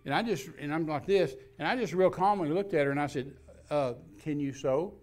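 A man with a somewhat high voice recounts a personal story as a talk show guest. He tells it in an animated way and acts out each scene. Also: fast talker. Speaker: minister and guest speaker.

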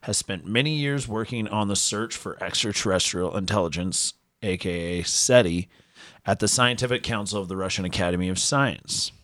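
Low-voiced man reading news casually. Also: normal speed, a bit bright, no room sound, studio quality. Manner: reads from articles with frequent fillers and restarts. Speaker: podcast co-host.

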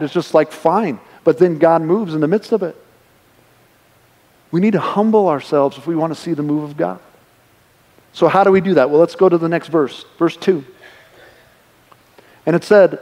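Man, pastor, conversational sermon, acts out quoted voices, high voice, long hall reverb. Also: normal speed, pauses often, darkish tone. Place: church sanctuary.

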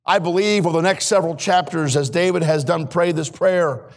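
A man preaching a sermon in a church as a missionary, earnest and swinging between hushed and emphatic delivery. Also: fairly high pitch, a little fast. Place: church sanctuary.

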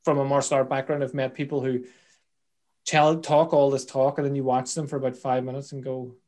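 A man's voice: mid-range voice, flat delivery, a little fast, a little mellow. A man hosting a casual interview podcast, joking, swearing freely and wandering off into asides. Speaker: podcast host.

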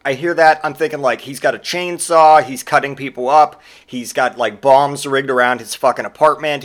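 A man's voice: mid-range voice, fairly bright tone. A man in his forties hosting a podcast, delivering a sarcastic, profane comedic rant in casual monologue. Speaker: podcast host.

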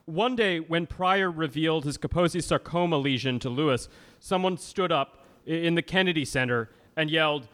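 A man reading first-person testimony aloud at a live reading, in an expressive, dramatic way. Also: fairly high pitch, normal speed. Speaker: reader at a live oral-history reading.

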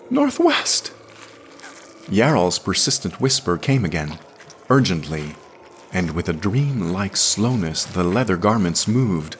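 A man narrating a story in a slow, measured, hushed dramatic reading. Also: low-pitched, a little hiss or hum. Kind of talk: dramatic audiobook reading of pulp science fiction.

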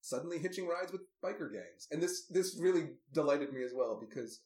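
Male podcast co-host, slightly higher voice, wry recap patter, echoey room. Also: expressive, a little fast, darkish tone. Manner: wry, recounting scenes with amused asides. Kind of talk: casual movie recap chat.

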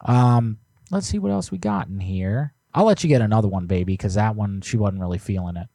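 A man's voice: fairly low pitch, expressive, fairly quick, vocal fry, dark tone, no room sound. A man co-hosting a prank call stream, chatting casually and joking while he reads out viewer submissions. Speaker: prank call show co-host. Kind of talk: casual live-stream chat.

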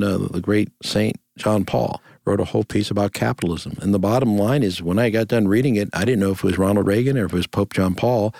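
A man's voice: on the low side, creaky, darkish tone, dry recording. An older man, a grandfather, telling stories earnestly as an interview guest in a reflective conversation. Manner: storytelling, earnest, repeats phrases in lists.

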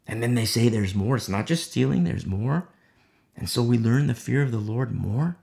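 A man's voice: mid-range voice, moderate pace, vocal fry, mellow. A man giving an informal sermon who acts out the voices of imagined onlookers as he tells the story. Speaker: Bible teacher.

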